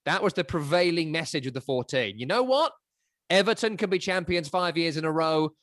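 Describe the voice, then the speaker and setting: A man's voice: fairly high pitch, lively intonation, a little fast, fairly bright tone, no room sound, clean studio sound. A man co-hosting a casual football podcast, opinionated and given to sweeping rhetorical riffs. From England. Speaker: podcast co-host.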